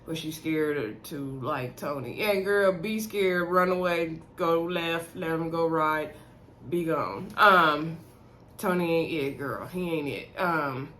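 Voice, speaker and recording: A woman's voice: low voice, takes it slowly, a bit bright, slight background noise. A woman recapping a reality show episode in a chatty, sassy way, talking straight to her viewers and laughing between remarks. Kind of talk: casual episode recap commentary.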